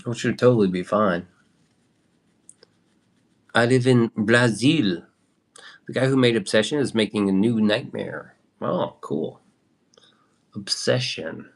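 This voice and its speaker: Casual male streamer, lowish voice, rambly, reads chat and swears a bit. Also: slow pace, gravelly, pauses often. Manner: loose and rambling, swears, reads out and answers viewer comments. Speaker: livestream host.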